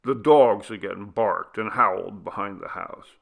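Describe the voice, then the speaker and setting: Slow, gravelly male storyteller. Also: on the low side, a bit bright. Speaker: narrator. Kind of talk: audiobook reading of a classic story.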